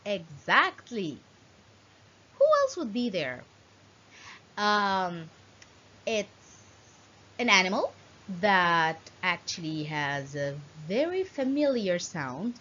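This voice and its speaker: A woman teacher giving a children's lesson, talking in an animated, sing-song way and making playful animal sounds. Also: medium pitch, slow pace, pauses often, husky, lo-fi sound.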